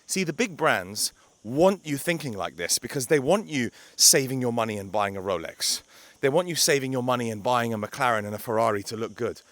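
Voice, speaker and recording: A man's voice: mid-range voice, lively intonation, brisk, a bit bright, no echo. A young man talking to camera outdoors by a beach, a blunt, emphatic life coach who swears for emphasis.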